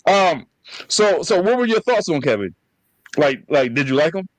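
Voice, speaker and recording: Animated man telling family stories. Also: on the high side, normal speed, no room sound, low-quality recording. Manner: profane, animated storytelling with laughs. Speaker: podcast host. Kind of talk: casual conversation with his brother.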